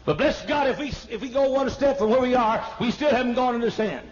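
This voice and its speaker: An older man preaching a sermon in a church, emphatic, stammering into repeats and rising to sudden shouts. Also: very high voice, brisk. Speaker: pastor. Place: large church auditorium. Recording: dull lo-fi archival sermon tape.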